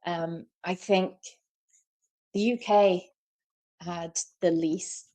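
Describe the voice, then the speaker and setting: A woman from Liverpool with a softened Scouse accent, co-hosting a podcast and telling stories in casual chat. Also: fairly low pitch, drawn-out words. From Liverpool, England. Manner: animated storyteller. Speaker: podcast co-host.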